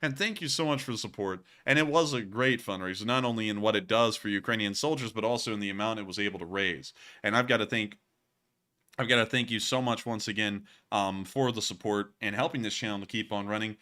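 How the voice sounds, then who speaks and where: A man's voice: on the low side, a little fast, sharp tone. A man hosting a live stream, chatting casually and thanking supporters at length. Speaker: livestream news host. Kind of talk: casual live-stream chat, reading super chats.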